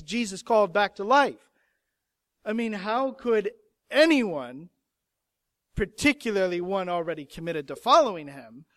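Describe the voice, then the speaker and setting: A man preaching a sermon, moving from hushed, slow passages to emphatic, raised lines. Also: sits high, no echo. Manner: expressive, swings from hushed to emphatic.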